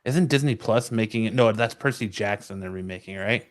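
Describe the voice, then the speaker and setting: A man's voice: fairly low pitch, fairly quick, crowd noise. A man in casual podcast chat who drops short, joking interjections and pokes fun at himself.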